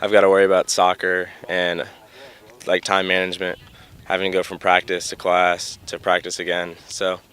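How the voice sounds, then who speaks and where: Low smooth young man. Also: normal speed. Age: young adult. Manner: relaxed, some filler ums. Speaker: freshman soccer player. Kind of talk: casual interview answer.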